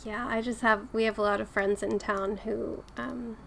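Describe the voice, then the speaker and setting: A woman's voice: a little high, flat delivery, normal speed, gravelly, fairly bright tone, slight background noise. A woman co-hosting a podcast in casual chat, giggly and self-conscious, laughing often. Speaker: podcast co-host.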